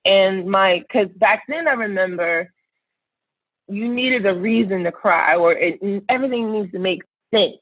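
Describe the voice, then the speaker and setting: A woman in her thirties recounting her own experiences with earnest, searching reflection, pausing and restarting as she finds the words. Her voice arrives through a thin, phone-like line with almost no room sound around it. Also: mid-range voice, husky, no room sound. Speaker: podcast guest, entrepreneur. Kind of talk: personal storytelling in conversation. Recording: tinny phone-like line, dry.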